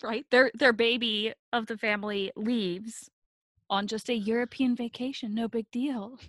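A woman's voice: on the high side, fairly even intonation, a little slow, a bit bright, no room sound, clean studio sound. A woman in a casual chat, giving short agreeing replies and laughing.

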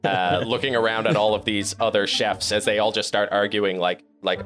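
Low-voiced man narrating a tabletop game. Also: moderate pace, hardly any pauses, faint music behind. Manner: relaxed, rambling narration with fillers. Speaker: game master.

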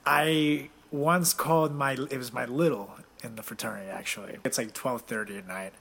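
A man's voice: medium pitch, fairly even intonation, moderate pace, vocal fry, fairly bright tone, husky. A young man casually telling crude stories, swearing freely. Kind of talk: casual chat.

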